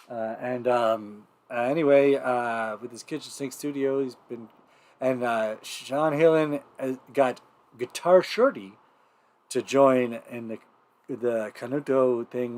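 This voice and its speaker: A man hosting a livestreamed variety show, talking casually and rambling through intros with lots of fillers and restarts. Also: mid-range voice. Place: home livestream setup.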